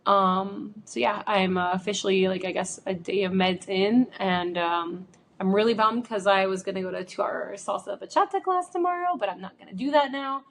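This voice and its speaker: A woman's voice: medium pitch, moderate pace, a little hiss or hum. A woman who is sick, hosting a casual solo podcast from home into a microphone, chatty and rambling with many fillers. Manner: chatty, rambling, lots of likes and ums. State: sick with a chesty cough. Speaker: podcast host. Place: home room. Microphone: studio microphone.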